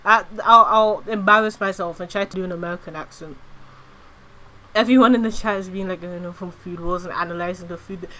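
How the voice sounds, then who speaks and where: Woman, VTuber streamer, rambly and giggly, casual swearing, bright crisp tone, chatty livestream delivery. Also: fairly low pitch, fairly quick, slight background noise.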